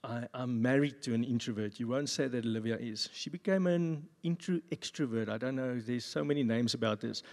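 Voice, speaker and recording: A man pastor giving a sermon at a church service, with jokey, animated asides. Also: mid-range voice, fairly quick, few pauses. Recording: long reverb of a church hall.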